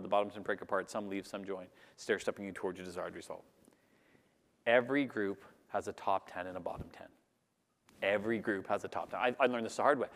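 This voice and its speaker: A man giving a lively talk to a live audience, acting out the voices of the people he describes. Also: fairly low pitch. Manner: animated, acts out audience voices. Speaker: public speaker. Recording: long hall reverb.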